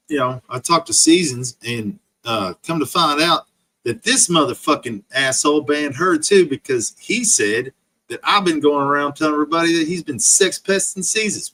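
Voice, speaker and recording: Bright-voiced man in a profane rant. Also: on the high side. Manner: profane, insult-laden ranting. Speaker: streamer. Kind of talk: angry livestream rant.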